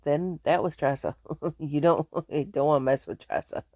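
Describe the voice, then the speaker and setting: A woman's voice: low voice, steady tone, moderate pace, a little mellow, no echo, studio quality. A woman chatting casually to her viewers from home, rambling and laughing often. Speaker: vlogger. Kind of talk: casual chat to camera.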